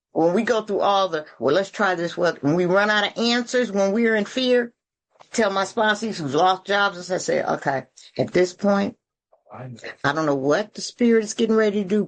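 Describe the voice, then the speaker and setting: A woman's voice: medium pitch, moderate pace. A woman from Atlanta, speaking at a recovery meeting in a blunt, earthy, preachy way with folksy slang and swearing, heard over a video call.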